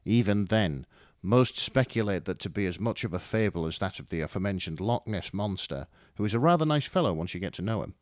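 Guy reading a story out loud, lowish voice, swings up and down a lot, dry mic. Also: expressive, a little fast, few pauses, dry recording. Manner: dramatic, wry narration. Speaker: story reader. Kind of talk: expressive fan fiction reading.

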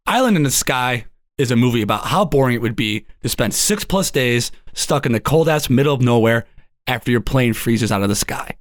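Relaxed male podcast co-host, wry and laughing, dry studio sound. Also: mid-range voice, fairly quick, dry recording. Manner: easygoing, laughs often, wry. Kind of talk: casual movie podcast banter.

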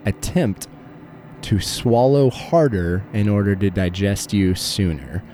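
A man runs a tabletop horror game, his low voice soft and mellow. He describes scenes vividly and playfully, often close to laughing. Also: expressive, takes it slowly, slight background noise. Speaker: game master.

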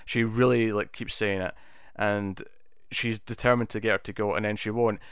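A man's voice: lowish voice, fairly even intonation, normal speed, a bit bright, smooth, dry recording, clean studio sound. A man casually talking through a TV episode, rambling with many restarts and fillers. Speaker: TV episode reviewer. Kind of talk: casual spoken review.

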